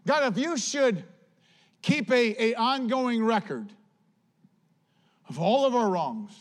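A man preaching a sermon as pastor, emphatic and repetitive, swinging between loud declarations and hushed, earnest passages. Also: very high-pitched, very animated, slow pace. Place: church.

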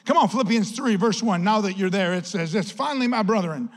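A man preaching a sermon as pastor, chatty and animated, telling a story with lots of "like" and acted-out quotes. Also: high voice, brisk.

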